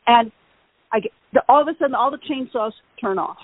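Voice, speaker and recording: A woman co-hosting a pet podcast, telling a funny story in a casual, animated way and laughing often. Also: high-pitched, brisk, a little hiss or hum. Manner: animated, laughing, acts out voices in her stories. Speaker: podcast co-host. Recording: phone-like, narrow band.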